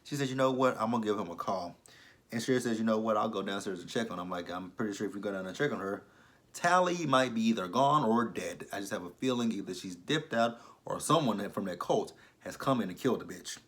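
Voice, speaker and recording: A man's voice: lowish voice, animated, quick pace, fairly bright tone. A man giving a casual, blunt and profane recap of a TV episode, exasperated with the characters. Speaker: TV show reviewer.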